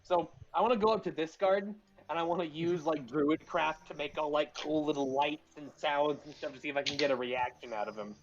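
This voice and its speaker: Male player, bit high, jokey and profane, dull lo-fi mix with faint music. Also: a little fast, hardly any pauses. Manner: joking, swears freely. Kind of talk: casual tabletop game chat.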